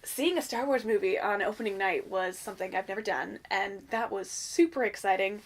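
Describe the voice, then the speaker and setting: A young woman vlogging an excited film review, gushing and animated, swearing casually and breaking into squeals. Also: mid-range voice, normal speed, few pauses.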